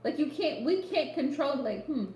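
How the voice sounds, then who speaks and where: A woman's voice: sits high, animated, measured pace, slight background noise. A woman giving a live psychic reading, speaking straight to the listener and repeating phrases for emphasis. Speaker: psychic reader. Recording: echoey room.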